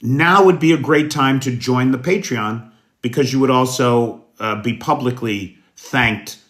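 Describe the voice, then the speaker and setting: An American man hosting a casual livestream news show, greeting viewers by name in a folksy, unhurried way. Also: mid-range voice, fairly bright tone. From United States. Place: indoors at night.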